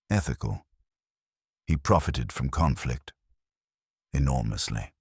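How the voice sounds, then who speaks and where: A man voicing a brisk, practical police inspector who speaks in a firm, matter-of-fact way. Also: extremely low pitch, no room sound, clean studio sound, full character voice.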